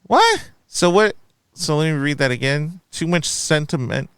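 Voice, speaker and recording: A man's voice: on the high side, unhurried, clean tone, no room sound, studio quality. A man in his thirties, chatting casually as a co-host of a movie review podcast, reading a critic's review aloud and questioning it. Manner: animated, reads review aloud, quizzical.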